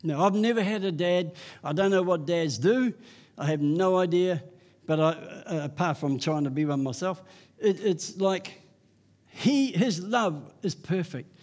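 High-voiced older man preaching a sermon. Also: a little slow. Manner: impassioned, repetitive refrains, rising to loud peaks.

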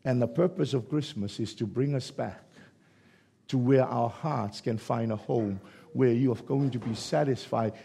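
A man preaching a sermon, swinging between hushed, drawn-out lines and sudden loud shouts. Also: medium pitch, gravelly, breathy edge.

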